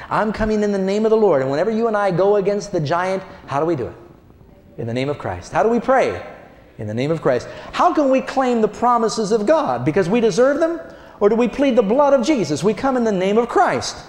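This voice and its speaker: Animated preacher man in an echoey hall. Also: high-pitched, a little fast. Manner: animated storytelling, acts out voices, asks the congregation. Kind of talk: sermon.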